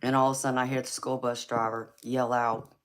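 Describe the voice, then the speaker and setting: A woman's voice: rumbling low, little pitch movement, a little fast, heavy background noise. Laughing Southern-accented woman chatting on a livestream. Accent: Georgia Southern. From California. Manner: chatty, laughs often, calls viewers honey and girlfriend. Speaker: livestream tarot reader. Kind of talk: casual live-stream chat with viewers.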